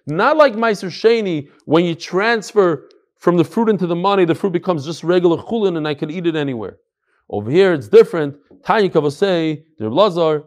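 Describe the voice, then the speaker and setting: A man teaching a Talmud class, telling stories in a lively way and repeating phrases for emphasis. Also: high voice. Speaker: Torah teacher.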